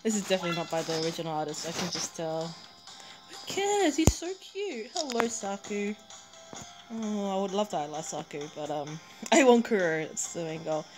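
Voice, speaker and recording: A woman giving a live, excitable reaction commentary while pulling cards in a mobile game, gushing and laughing. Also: fairly low pitch, normal speed. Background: game music.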